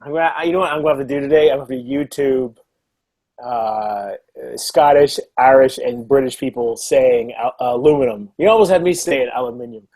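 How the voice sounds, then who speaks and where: A man with an American accent, co-hosting a casual board game live chat, animated and rambling, quick to sound incredulous. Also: medium pitch.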